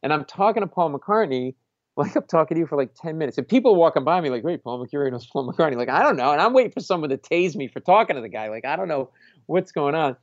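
A man, a stand-up comedian, telling a lively story in casual talk, acting out other people's voices and laughing often. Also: a little high, fast, no room sound, dull audio. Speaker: stand-up comedian, podcast host. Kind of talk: casual anecdote on a talk show.

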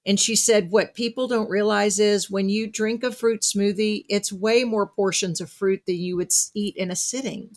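A woman hosting a podcast interview, chatting casually and retelling what she has read with lively asides. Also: medium pitch, moderate pace, hardly any pauses. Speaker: podcast host.

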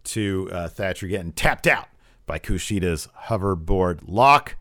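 A man's voice: low voice, expressive, a little slow, a bit bright, dry recording, studio quality. A man co-hosting a podcast, casually recapping a wrestling show with many fillers and acted-out quotes. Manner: retells events with many fillers, acts out quotes.

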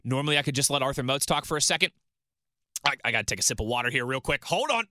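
A man's voice: medium pitch, steady tone, very fast, bright, forceful tone, no echo, studio quality. A man hosting a solo sports talk radio show, chatting and reading out listener messages. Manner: chatty, reads listener tweets and banters.

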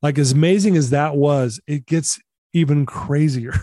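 A man's voice: fairly high pitch, a little slow, dark tone, no echo, studio quality. A man telling a personal story as a podcast guest, earnest and confessional, acting out the dialogue he quotes. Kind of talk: storytelling interview.

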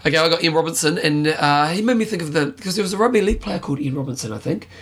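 A man co-hosting a podcast, rambling through jokes and quick asides in casual chat. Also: a little high, lively intonation, breathy edge. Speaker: podcast co-host.

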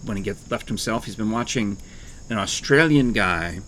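A man's voice: on the low side, lively intonation, moderate pace, fairly bright tone, slight background noise. A man hosting a casual chat, teasing and playful.

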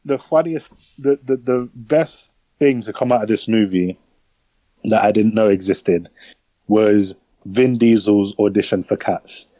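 Man, podcast host, rambling casual film chat, mellow voice, dry close sound. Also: on the low side, measured pace, no echo, poor audio. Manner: rambling, slangy, lots of fillers.

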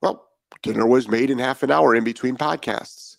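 A man's voice: mid-range voice, moderate pace, gravelly, no room sound. A man talking as a dog trainer in a podcast monologue, blunt and profane and firing off rhetorical questions.

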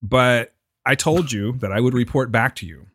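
A man's voice: medium pitch, normal speed, a bit bright, no room sound, clean studio sound. A man co-hosting a podcast in casual, joking chat. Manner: laid-back, joking, rambling. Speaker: podcast co-host.

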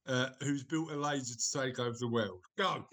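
A man's voice: medium pitch, normal speed, a bit bright. A middle-aged man hosting a podcast in casual chat, teasing his guests and steering a game. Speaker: podcast host.

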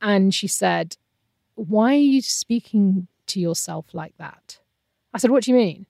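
A woman's voice: mid-range voice, unhurried, gravelly, no room sound, studio quality. A woman in her thirties, a guest telling a painful personal story in an earnest, emotional way. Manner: earnest, emotional, animated quoting of others.

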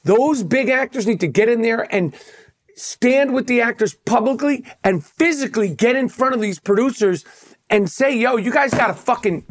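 A man's voice: extremely high pitch, expressive, moderate pace. A man hosting a podcast in casual banter, emphatic and profane, full of street slang. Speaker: podcast host.

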